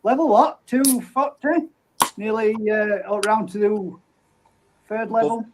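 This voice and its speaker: Over a noisy background, a livestream host with a high voice speaks slowly. He reads viewer comments and greets each person by name, keeping things casual, easygoing, and friendly.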